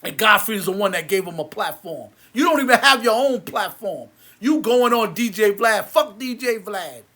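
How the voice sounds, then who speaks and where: A man and movie theater owner ranting angrily to camera, heated and repetitive, his voice sinking low and quiet between outbursts. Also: animated, normal speed. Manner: repetitive, many restarts. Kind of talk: angry rant to camera.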